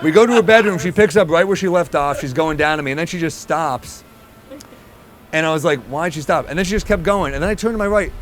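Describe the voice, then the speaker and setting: A man, a stand-up comedian telling a long, self-deprecating story in an animated way. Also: fairly high pitch, quick pace, slight background noise.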